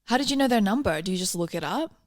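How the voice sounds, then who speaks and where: Chatty young woman telling stories. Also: medium pitch. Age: 20s. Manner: chatty, animated storytelling with quick asides. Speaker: podcast host. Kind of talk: casual chat.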